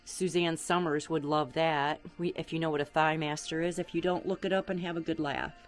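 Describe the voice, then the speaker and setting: A woman vlogger narrating as she explores an abandoned farmhouse attic, chatty and exclaiming at creaking floors, recorded on a handheld camera. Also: deep voice, fairly even intonation, brisk, faint music behind.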